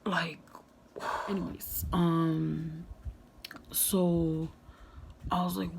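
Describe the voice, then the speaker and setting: Young woman vlogger, gravelly candid storytime. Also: lowish voice, fairly even intonation, measured pace, a little mellow, a little hiss or hum. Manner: candid, frank, heavy swearing, lots of "like". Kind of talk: casual storytime monologue.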